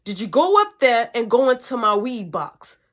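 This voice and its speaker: A woman's voice: on the high side, very animated, moderate pace. Woman putting on a furious cursing mother. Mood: threatening. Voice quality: loud, profane scolding. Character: furious strict middle-aged mother, cursing.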